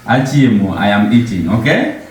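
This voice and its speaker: A man's voice: lowish voice, big pitch swings, moderate pace, a little hiss or hum. A man giving an informal language lesson, patiently asking questions and repeating words for his learner. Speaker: language teacher. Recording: very echoey room.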